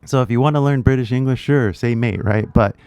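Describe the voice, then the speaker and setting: Teaching English casually straight to camera, a Californian-accented man talks fairly quickly in a medium-pitched, slightly mellow voice that's clear and resonant, with no room sound. His slangy, relaxed delivery leans heavily on "like" and "right?".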